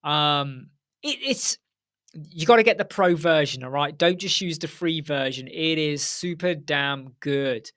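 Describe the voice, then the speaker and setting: A man's voice: fairly high pitch, measured pace, a bit bright. A middle-aged man hosting a casual live Q&A stream from home, talking frankly and straight to his viewers. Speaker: host.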